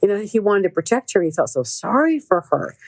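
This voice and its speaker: A woman's voice: mid-range voice, very animated, brisk, no echo. A middle-aged woman hosting a show, telling stories in a casual, earnest way and repeating words for emphasis. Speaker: podcast host and relationship coach. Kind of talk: casual storytelling monologue.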